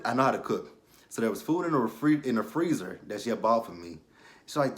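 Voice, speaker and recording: A young man in casual chat, recapping a reality show in a candid, rambling way that often trails off into quiet asides. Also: fairly low pitch, expressive, fast.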